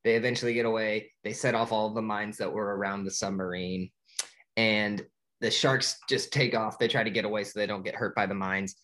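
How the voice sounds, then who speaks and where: A man's voice: fairly low pitch, steady tone, fairly quick, a bit bright. Chatty man recapping a movie. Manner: chatty, laughs often, many fillers and restarts. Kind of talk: casual movie recap chat.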